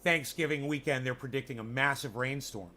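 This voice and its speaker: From his home in the mountains, a vlogger with a mid-range, sharp-toned voice speaks a little fast. He rambles loosely and profanely, chatting straight to his viewers.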